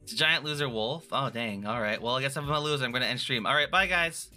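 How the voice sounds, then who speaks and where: A man's voice: medium pitch, pushed and bright. A man chatting casually on a live stream, playful and rambling, often restarting his sentences. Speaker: vtuber streamer.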